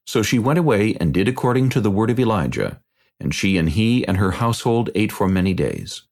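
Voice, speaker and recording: A man narrating a dramatized scripture reading in a deliberate, measured way. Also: fairly low pitch, big pitch swings, darkish tone.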